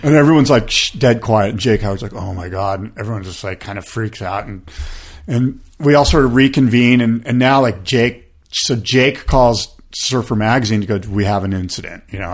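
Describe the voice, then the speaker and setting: A man in his fifties telling a long story as a podcast guest, rambling with lots of fillers and acting out what others said. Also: mid-range voice. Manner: rambling, filler-heavy, acts out quoted voices. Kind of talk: casual storytelling interview.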